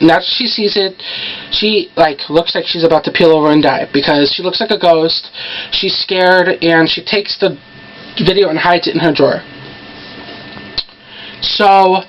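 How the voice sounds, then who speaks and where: A woman with a lowish voice runs through a TV episode in a chatty, rambling way, full of "so" and "like" and quick asides. The recording is dull and lo-fi, with faint hiss behind her. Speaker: TV episode recapper. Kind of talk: casual recap vlog. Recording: dull lo-fi home recording with faint background noise.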